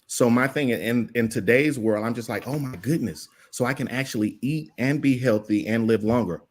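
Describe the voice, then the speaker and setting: A man's voice: medium pitch, normal speed. A man, chatting casually and telling a story in an earnest, plain-spoken way. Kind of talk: casual chat.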